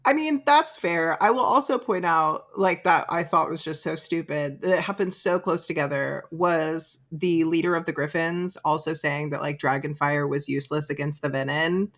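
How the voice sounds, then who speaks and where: A woman with a slightly low voice recaps a book for her podcast co-host in loose, casual chat. She swears a lot and keeps slipping into big, exaggerated voices for the characters. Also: moderate pace, hardly any pauses. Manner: animated, profane, jumps into exaggerated voices for characters. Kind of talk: casual chat retelling a novel's plot.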